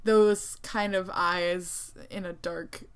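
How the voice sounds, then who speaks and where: A woman's voice: fairly low pitch, steady tone, slow, clean tone. A young woman in casual chat, giggly and rambling with lots of fillers. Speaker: vlogger.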